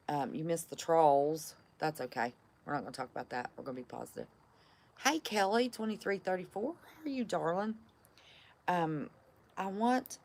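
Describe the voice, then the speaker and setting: A woman hosting a casual live chat and greeting viewers by name in a chatty, folksy way, recorded on a phone on a stand. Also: low voice. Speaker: livestream host greeting viewers.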